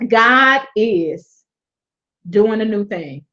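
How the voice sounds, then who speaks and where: A woman hosting a webinar, giving a lively motivational faith talk, laughing often and repeating her points like a preacher. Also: mid-range voice, drawn-out words. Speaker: webinar host. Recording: dull lo-fi webinar audio.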